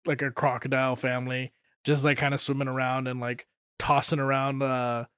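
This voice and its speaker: A man at a tabletop game talks through his character's actions in a relaxed, halting way, full of fillers. His voice sits in a middle register, and the sound is dry and close. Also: mid-range voice, clear, resonant tone, no room sound. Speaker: player.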